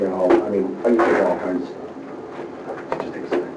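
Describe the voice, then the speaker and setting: A man's voice: on the low side, sing-song, fairly quick, over loud music. A man talking anxiously at a police station, rambling with many fillers and restarts. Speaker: complainant. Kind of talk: casual conversation. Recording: noisy, echoey room from a distance.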